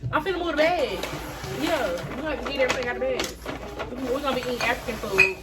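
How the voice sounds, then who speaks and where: A woman's voice: fairly high pitch, lively intonation, fast talker. A woman in her thirties from Atlanta hosting a casual food vlog, chatty and informal with loose hesitations. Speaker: vlogger hosting a mukbang. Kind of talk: casual chat. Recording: distant mic with loud background noise.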